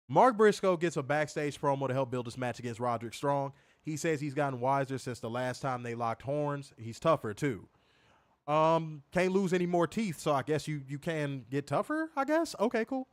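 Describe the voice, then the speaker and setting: A man's voice: on the high side, moderate pace, dry recording. A man hosting a live wrestling review stream, talking casually and profanely, repeating himself and reading viewer comments aloud. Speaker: wrestling show reviewer on a livestream.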